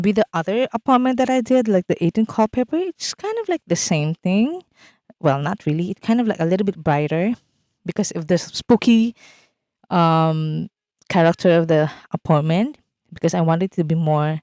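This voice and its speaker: Low-voiced woman rambling through a story. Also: expressive, moderate pace, darkish tone, no room sound. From outside Canada, now living in Canada. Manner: rambling, with many fillers and restarts. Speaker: game builder vlogger. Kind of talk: casual voice-over while building.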